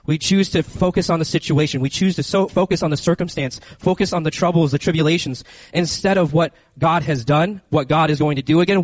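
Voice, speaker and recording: A man preaching a lively, conversational sermon into a handheld microphone, speaking directly to his listeners. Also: a little high, dry recording, low-quality recording. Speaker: youth preacher. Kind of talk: lively sermon with acted-out scenes.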